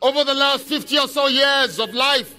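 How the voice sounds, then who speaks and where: A man giving an impassioned speech at an outdoor street protest, shouting call-and-response questions to a crowd. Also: extremely high pitch, moderate pace. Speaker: speaker at a protest rally.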